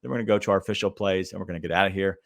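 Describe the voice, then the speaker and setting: A man's voice: deep voice, fairly even intonation, racing, vocal fry. A man hosting a podcast, giving casual sports betting advice in a chatty, hesitant way straight to his listeners. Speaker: podcast host.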